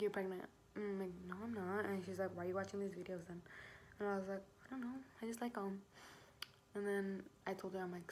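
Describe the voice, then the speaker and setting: A woman's voice: medium pitch, a little hiss or hum. A young woman vlogger telling a personal story in a chatty, slangy way, full of asides and "like". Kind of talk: casual storytelling.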